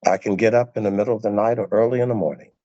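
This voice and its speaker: A man's voice: lowish voice, steady tone, rapid-fire, dark tone, no room sound, lo-fi sound. A male preacher giving a sermon, emphatic and repeating phrases for stress.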